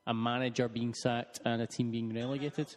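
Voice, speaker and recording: A man's voice: medium pitch, flat delivery, moderate pace, big-room sound. A man in a podcast's casual sports banter, needling and arguing a point. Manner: needling and argumentative. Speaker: podcast regular.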